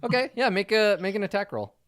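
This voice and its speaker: A man's voice: high-pitched, animated, fast talker, a bit bright. A man narrating a tabletop game as game master in a casual, filler-heavy way.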